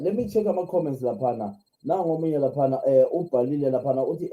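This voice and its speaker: A man's voice: mid-range voice, expressive, fast talker, hardly any pauses, mellow, poor audio. A Zimbabwean man hosting a live stream, speaking with passion, repeating himself and firing off rhetorical questions. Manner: impassioned, repetitive, rhetorical questions. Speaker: live show host.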